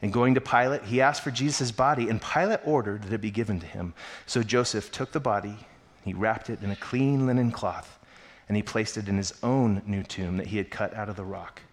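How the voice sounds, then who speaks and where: A man preaching a sermon, reading scripture aloud and stopping to explain it in a casual, conversational way, growing animated as he poses questions. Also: lowish voice, fairly quick. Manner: animated when voicing questions. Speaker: pastor.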